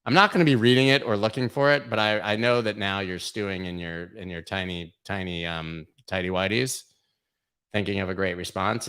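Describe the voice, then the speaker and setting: A man with a lowish voice hosts a livestream, talking through market charts in a loose, profane way. He mocks trolls and jokes as he goes. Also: a bit bright, clean tone. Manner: irreverent, profane, mocking. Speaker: crypto livestream host. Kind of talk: casual livestream chart commentary.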